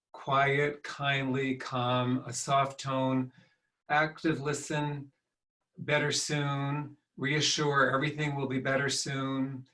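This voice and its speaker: A man co-leading an online workshop, reading participants' chat replies aloud in a halting, list-like way. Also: medium pitch, fairly bright tone. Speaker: workshop co-facilitator.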